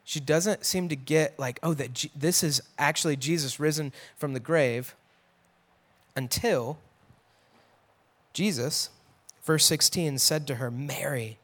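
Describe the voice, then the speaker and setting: A man teaching a Bible passage in a casual, conversational way, acting out the quotes with a raised voice and dropping to a hush for emphasis. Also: fairly high pitch, measured pace, long pauses.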